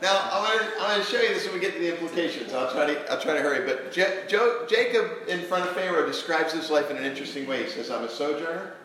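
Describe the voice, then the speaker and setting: A man preaching a sermon to a church congregation, posing questions to them in an earnest, animated way. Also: a little high, quick pace, few pauses. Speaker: pastor. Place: church sanctuary. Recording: very echoey church hall.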